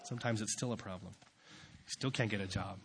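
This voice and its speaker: Young male youth pastor, bright forceful tone, sermon delivery with fervent peaks and quiet asides. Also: lowish voice, a little fast, slight background noise. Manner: swings from quiet asides to loud, fervent preaching.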